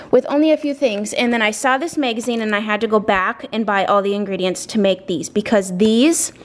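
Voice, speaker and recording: Chatty mom, higher voice. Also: female voice. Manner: rambling, talkative, lots of fillers and asides. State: slightly out of breath. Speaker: vlogger showing a grocery haul. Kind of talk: casual chatty haul video.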